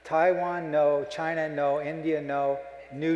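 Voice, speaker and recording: A man's voice: fairly high pitch, quick pace, very noisy. A middle-aged man giving a humorous keynote speech, a folksy joking storyteller, speaking on a stage microphone in a conference hall. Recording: echoey hall, live.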